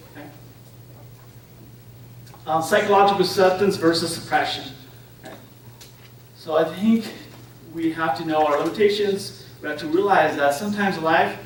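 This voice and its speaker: A man giving a conference talk to an audience, telling stories and often checking in with "right?" and "okay?". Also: on the high side. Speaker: conference speaker. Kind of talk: interactive lecture to an audience. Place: conference room. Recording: echoey room, distant mic, faint noise.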